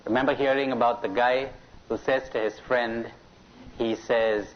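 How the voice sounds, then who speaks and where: Captured on dull lo-fi cassette with slight background noise, a middle-aged man speaks live at a spiritual conference. At medium pitch, fairly even intonation, and moderate pace, he poses questions to listeners and cracks jokes for them.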